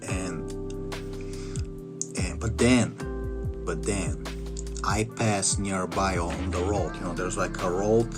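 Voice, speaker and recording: A man's voice: low-pitched, steady tone, slow, pauses often. Rambling man telling a comic story. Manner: rambling, mumbled, full of fillers. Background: music.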